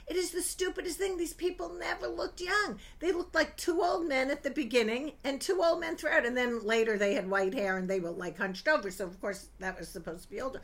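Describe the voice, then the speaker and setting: Older woman, film reviewer, casual and gossipy, fairly high pitched, quick to exclaim. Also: creaky. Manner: animated, gossipy, swings into high exclaiming bursts.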